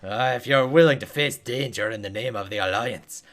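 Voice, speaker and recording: Booming male dwarf townsman, a man's put-on voice, dwarf accent, theatrical game voice. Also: moderate pace, fairly bright tone, lightly acted. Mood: hearty. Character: hearty male dwarf townsfolk quest giver.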